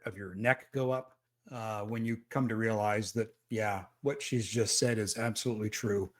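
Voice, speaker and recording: A man running a tabletop game as game master, talking hesitantly with many fillers. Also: fairly low pitch.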